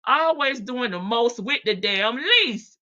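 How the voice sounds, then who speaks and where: A woman's voice: on the high side, lively intonation, slow pace, pushed and bright, dull audio. A woman hosting a true crime live stream, chatting casually and playfully with her viewers and laughing often.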